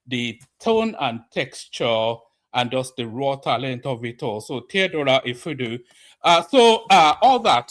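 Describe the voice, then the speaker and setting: Male streamer, casual rambling commentary, slightly breathless, mid-pitched. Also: a bit bright. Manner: rambling, many fillers and restarts. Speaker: commentator host.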